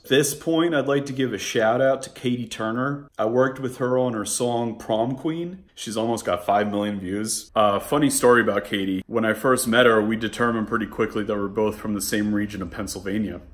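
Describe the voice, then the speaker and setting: A man's voice: fairly low pitch, normal speed, few pauses. A man from the Philadelphia area vlogging casually as a music producer, mumbling and swearing, with self-mocking humor. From Philadelphia area, USA. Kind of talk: casual vlog.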